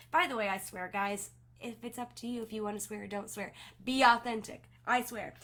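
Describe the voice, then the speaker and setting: Woman sales team leader, fairly high and bright voice, upbeat encouraging coaching talk. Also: fairly even intonation, fairly quick.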